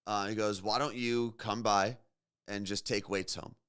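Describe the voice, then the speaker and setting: A man co-hosting a morning radio show, telling long casual stories with a relaxed, rambling manner. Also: fairly low pitch, unhurried, clear, resonant tone. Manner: chatty storyteller, bursts into silly singing.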